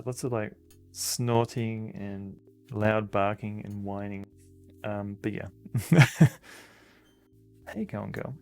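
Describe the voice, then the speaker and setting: Australian male streamer, casual rambling delivery, creaky texture. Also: on the low side. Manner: rambling, chatty, fond baby-talk to dogs. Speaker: game streamer. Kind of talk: casual live-stream chat. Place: home room with dogs.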